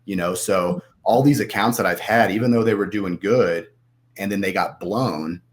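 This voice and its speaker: A man's voice: lowish voice, moderate pace. A man talking casually as a podcast guest, rambling and acting out his own inner voice.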